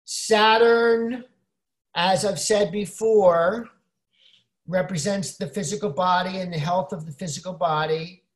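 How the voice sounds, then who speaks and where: Brief: woman co-host, lowish voice, explanatory chat manner, roomy echo. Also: a little slow. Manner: explanatory, frequent "you know" fillers. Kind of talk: casual chat, explaining astrology.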